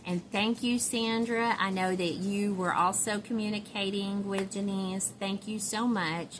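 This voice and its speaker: A woman's voice: mid-range voice, steady tone, measured pace, few pauses, a little hiss or hum. A middle-aged woman with a Southern US accent, chatting casually to camera in a rambling, giggly way with lots of fillers. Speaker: doll collector vlogger.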